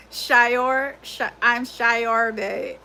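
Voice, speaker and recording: A woman's voice: on the high side, vocal fry, sharp tone. A young woman hosting a livestream, chatting casually and animatedly, laughing often and swearing freely. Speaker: livestream host.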